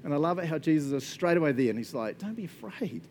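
A man preaching a casual, conversational sermon, animated and chatty, often checking in with his listeners. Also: fairly high pitch, very fast, slight background noise. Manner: animated and chatty, frequent laughs and "right?" check-ins.

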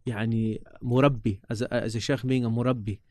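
A man talks through old memories in relaxed, animated chat. He often circles back and repeats words as he goes. His voice sits at an ordinary middle pitch, and the sound is close and dry with no room echo. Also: fairly quick. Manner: animated, repeats words, mixes in Arabic religious terms. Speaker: podcast guest recalling his teachers. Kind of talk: casual storytelling chat.

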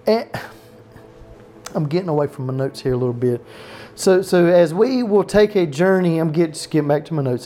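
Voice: medium pitch, a little mellow. A pastor giving a conversational sermon at a home Bible study. The pastor often restarts sentences and breaks off into asides about leaving the notes. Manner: conversational preaching, frequent restarts and off-note asides.

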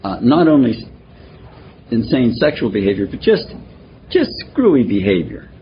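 An older man telling his personal recovery story at a twelve-step meeting, halting and self-deprecating, with many pauses and fillers. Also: mid-range voice, very animated. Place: meeting room. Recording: muffled recording with faint hiss.

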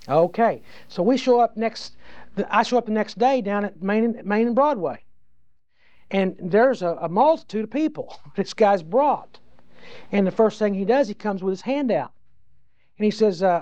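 A man's voice: high voice, normal speed, darkish tone, no room sound. A man preaching a sermon, telling an emphatic, folksy story and often restarting his sentences. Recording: dull lo-fi dry recording.

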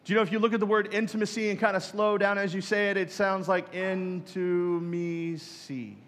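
Joking pastor preaching in a reverberant hall. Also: male voice, sits high, little pitch movement, quick pace, fairly bright tone. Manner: conversational, joking, acts out prayers in mock voices. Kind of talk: sermon.

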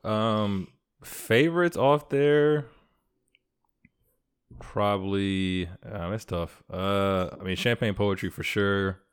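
A man co-hosting a casual podcast, relaxed and quick to laugh, with small stammers. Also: fairly low pitch, clear, resonant tone. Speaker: podcast co-host. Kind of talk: casual chat.

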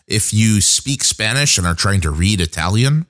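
A man's voice: on the low side, lively intonation, moderate pace, fairly bright tone. A man co-hosting a casual talk about tabletop games, throwing in playful jokes. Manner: joking, playful interjections. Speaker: podcast co-host. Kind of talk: casual chat about tabletop game mastering.

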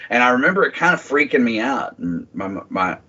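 Man, husky, casual podcast guest, swears freely and rambles, muffled lo-fi audio. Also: medium pitch, sing-song, brisk, bright, forceful tone. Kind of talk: casual chat.

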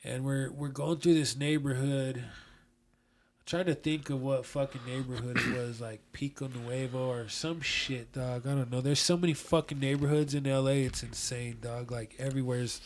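A man's voice: medium pitch, steady tone, moderate pace. A young man from Colorado telling a profane, slang-heavy story in casual chat, acting out the quotes. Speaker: guest storyteller.

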